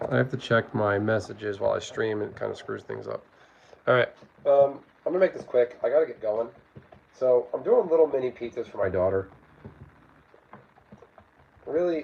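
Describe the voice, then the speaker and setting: A man's voice: medium pitch, vocal fry, darkish tone, highs cut off, slight background noise. A man hosting a casual cooking livestream from his home kitchen, rambling and reading out chat. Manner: rambling, chatty, reads out chat. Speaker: livestream host. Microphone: phone.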